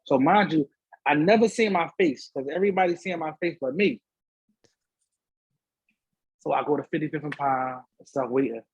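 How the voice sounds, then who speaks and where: Husky-voiced man telling a wild story. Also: a little high, normal speed, pauses often, dry recording, dull audio. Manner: slangy, repeats "so I'm like", acts out voices. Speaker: podcast guest. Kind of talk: animated storytelling in casual conversation. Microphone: studio podcast mic.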